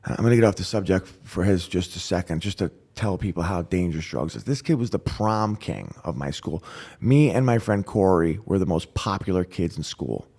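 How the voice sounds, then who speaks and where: A man guest on a podcast, telling his recovery story with animated storytelling, acting out voices and dropping to a whisper at grim moments. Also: sits low, fairly quick, slightly rough. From New York. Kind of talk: emotional storytelling.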